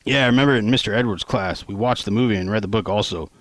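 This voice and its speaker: A cocky, reckless young man, as a man reads him, quick to tease and scheme. The voice sits a bit higher than the narrator's plain tone. It sounds dry and close. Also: no echo, close to an everyday voice. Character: reckless, hot-headed young man, the best friend.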